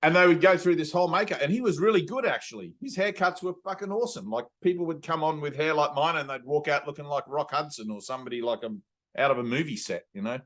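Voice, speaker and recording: An Australian man leading a spiritual satsang over a video call, talking earnestly and intimately and slowing right down to stress a point. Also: fairly high pitch, a bit bright. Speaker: spiritual teacher. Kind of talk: satsang teaching talk.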